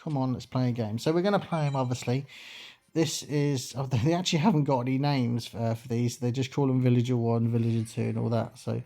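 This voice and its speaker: A man's voice: mid-range voice, steady tone, fairly quick, gravelly, warm tone, a little hiss or hum. A man hosting a let's play, talking through his moves in a rambling, chatty way with many fillers. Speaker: gaming channel host.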